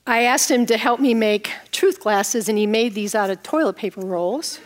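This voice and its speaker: A woman's voice: fairly high pitch, normal speed. A middle-aged woman pastor giving a sermon with props and a personal story, playful and laughing at herself.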